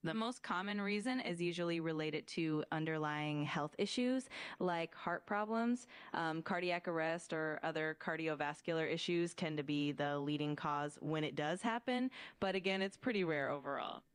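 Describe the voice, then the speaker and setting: A woman's AI assistant voice giving polite chatbot answers, with a touch of vocal fry. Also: low voice, normal speed, no echo.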